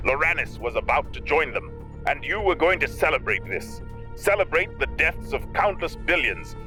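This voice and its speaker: A man's voice: on the high side, pushed and bright. A man playing a grim starship commander. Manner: solemn, accusing speech. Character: stern human starship commander, male, grim and righteous. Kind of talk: animated audio drama.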